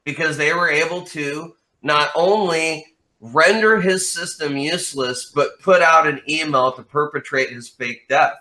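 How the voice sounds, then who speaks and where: A man as an interview guest in casual chat, telling a story in an animated way and swearing freely. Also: on the high side, measured pace.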